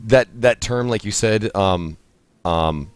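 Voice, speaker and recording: A man chatting casually as he plays a game, laughing often and reacting out loud to the action. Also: on the low side, slow, clear, resonant tone, no echo. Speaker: streamer and host. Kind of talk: casual gameplay commentary.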